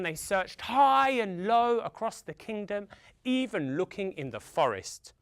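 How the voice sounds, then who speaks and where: Animated, slow-paced male storyteller. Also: on the high side, clear, resonant tone, no echo, studio quality. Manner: theatrical, with dramatic pauses and sound effects. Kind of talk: folktale storytelling for children.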